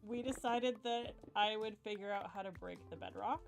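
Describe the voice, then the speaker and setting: A woman's voice: medium pitch, moderate pace. A woman streaming a game, chatting casually and rambling, with frequent giggles. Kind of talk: casual chat while gaming. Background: game music.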